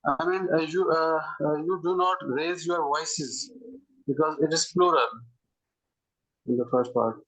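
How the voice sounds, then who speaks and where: A man's voice: fairly high pitch, a little slow, a bit bright, poor audio. A man as a student in class, asking a question hesitantly with many fillers.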